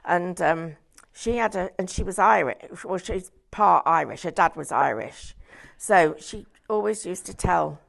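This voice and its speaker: Giggly woman with a gravelly edge. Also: lowish voice, a little slow. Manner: giggly, breaks up laughing while telling jokes. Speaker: craft demonstrator. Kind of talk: casual live shopping-show chat.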